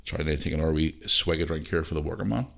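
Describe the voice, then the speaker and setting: A Northern Irish man with a very low, deep voice tells a rambling story for his podcast at home. He swears freely and pads his talk with fillers and restarts. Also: quick pace, vocal fry. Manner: swears freely, animated anecdotes with lots of fillers. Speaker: podcast host. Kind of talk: casual solo podcast storytelling. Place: living room at home.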